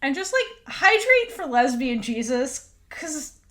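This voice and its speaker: A woman's voice: high voice, sing-song, slow, a bit bright. A woman co-hosting a podcast, recapping an episode in casual chat, acting out quotes, swearing and laughing often. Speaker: podcast co-host.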